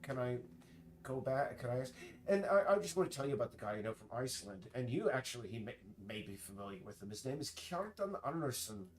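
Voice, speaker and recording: A man streaming, chatting casually in a rambling, halting way full of restarts while he works. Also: medium pitch, sing-song. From United States.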